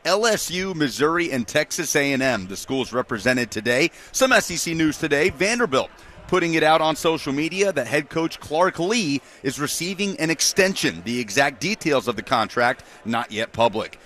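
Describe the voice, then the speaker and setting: A man reading a scripted radio news update, crisp and formal. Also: on the high side, animated, moderate pace, a bit bright.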